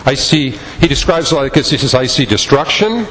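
Impassioned preacher man, lively pitch. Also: fairly quick, big-room sound, a little hiss or hum, poor audio. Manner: impassioned, repetitive preaching cadence. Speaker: pastor. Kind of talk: sermon.

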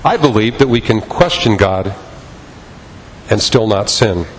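Impassioned preacher man, lively pitch. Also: measured pace, big-room sound, slight background noise, low-quality recording. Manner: impassioned, repetitive preaching cadence. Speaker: pastor. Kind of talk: sermon.

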